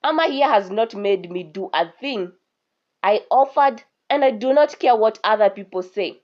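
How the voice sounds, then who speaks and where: A woman's voice: medium pitch, lively intonation, moderate pace, natural voice. A woman voicing a stubborn, hot-tempered young prince who gives firm commands and raises his voice in anger. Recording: dull lo-fi recording.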